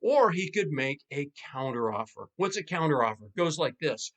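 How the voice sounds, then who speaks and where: Animated male pastor coaching couples. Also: a little high, normal speed, hardly any pauses. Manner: animated, acts out quoted spouses. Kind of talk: casual teaching monologue.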